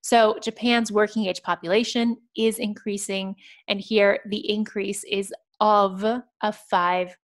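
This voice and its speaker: A woman teaching an English exam writing lesson, explaining each point patiently and clearly. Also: medium pitch. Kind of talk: scripted lesson narration.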